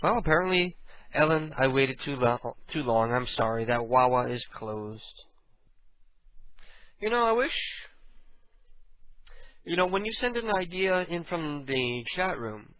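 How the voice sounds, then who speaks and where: A man's voice: on the high side, very animated, measured pace, pauses often. A man hosting a casual late-night web radio show, rambling and joking at his own expense. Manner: rambling, joking, self-mocking. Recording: tinny lo-fi stream with faint music.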